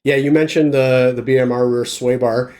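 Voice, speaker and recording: A man hosting a casual conversation, explaining car details in a relaxed, technical way. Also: mid-range voice, normal speed. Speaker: host.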